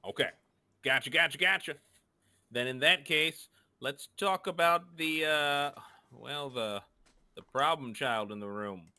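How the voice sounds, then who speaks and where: A man's voice: on the high side, measured pace, sharp tone, clean tone, no room sound. A man running a tabletop game session as game master, in a playful, teasing and sing-song way.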